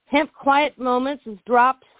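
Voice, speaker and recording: A woman's voice: sits high, fairly even intonation, no room sound. Breathless woman caller on a phone line. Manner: anxious and rushed, stumbling over words. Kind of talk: call-in radio talk. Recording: tinny phone line, dry.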